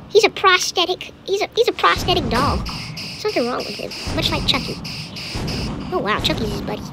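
Young female gaming host, high and bouncy, jumpy, chatty commentary, noisy mic. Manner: excitable, jumpy, chatty, yelps and laughs at scares. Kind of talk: live gameplay commentary.

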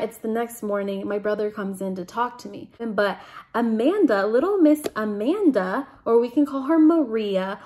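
Young woman, storytime vlog, chatty and animated, slightly high voice. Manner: chatty, animated, dramatic asides and laughs. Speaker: vlogger.

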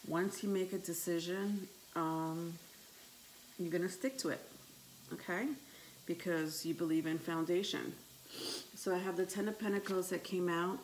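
A woman giving a tarot reading to her viewers, unhurried and hesitant, with frequent ums, calling listeners "my love". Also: low-pitched, a little mellow, a little hiss or hum, low-quality recording. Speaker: tarot reader.

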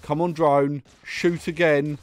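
A man's voice: on the high side, flat delivery, slow. A young man commentating his own gameplay, muttering and getting exasperated, with sudden outbursts and laughs. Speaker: gaming YouTuber. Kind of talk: let's play commentary.

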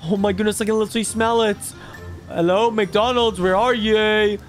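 Man playing a greedy little toddler, very high squeaky voice, game music faint underneath. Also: moderate pace, close to an everyday voice. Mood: excited. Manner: high babyish voice, excitable gaming chatter. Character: mischievous toddler boy, excitable and greedy. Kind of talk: gameplay commentary in character.

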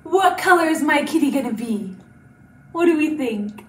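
A woman children's librarian leads a storytime activity with exaggerated gasps and slow, careful speech for small children. Her high voice leaps around its range. The recording is roomy and distant. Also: expressive. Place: library room. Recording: roomy and distant, faint hiss.

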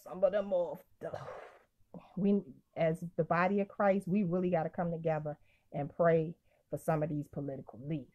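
A woman's voice: on the low side, fairly even intonation, normal speed, dark tone. Woman preaching casually over a phone stream. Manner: casual, emphatic, repeats phrases. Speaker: minister. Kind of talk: live-streamed devotional teaching.

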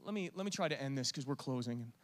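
A man preaching a sermon with passion, swinging from loud urging to hushed, intimate talk. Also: mid-range voice, lively intonation, fast.

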